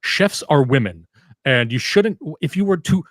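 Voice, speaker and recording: A man's voice: on the high side, expressive, unhurried, no room sound, studio quality. A man doing a mocking impression with a mangled accent. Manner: mocking, exaggerated pronunciation.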